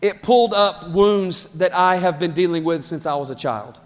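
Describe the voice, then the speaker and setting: A man preaching a sermon as pastor, impassioned and building to shouts. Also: high-pitched, normal speed. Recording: long hall reverb with faint music.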